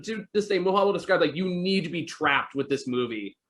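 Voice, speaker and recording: A man's voice: on the high side, animated, a little fast, a bit bright. Male podcast host, casual rambling storyteller, filler-heavy. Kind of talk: casual chat.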